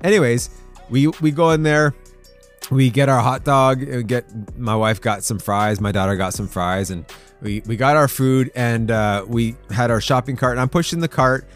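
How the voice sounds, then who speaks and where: A man's voice: medium pitch, moderate pace, faint music behind. Chatty man hosting a devotional podcast. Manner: chatty, laughing storyteller. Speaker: podcast host.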